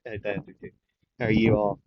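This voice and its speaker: A man's voice: high voice, expressive, extremely slow, pitched above the performer's own voice, heavily acted. A big, jolly hero with a cheerful, welcoming manner, voiced by a man. The voice bounces with energy, and the recording is dull and lo-fi with a faint hiss. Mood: cheery.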